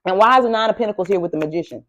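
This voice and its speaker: A woman's voice: medium pitch, very fast, fairly bright tone. A woman giving a tarot reading. She talks emphatically and repeats herself, preaching to her listener. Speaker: tarot reader.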